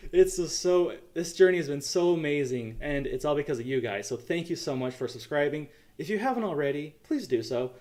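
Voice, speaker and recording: A young adult American man hosting a casual livestream chat, earnest and halting, with lots of ums. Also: medium pitch, darkish tone. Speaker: YouTube channel host.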